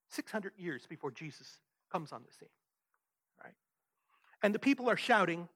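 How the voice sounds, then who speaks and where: A man's voice: sits high, lively intonation, normal speed, a bit bright. A man preaching a sermon, emphatic and conversational, often asking his listeners "right?". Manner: emphatic, rhetorical questions, frequent "right?". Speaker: pastor.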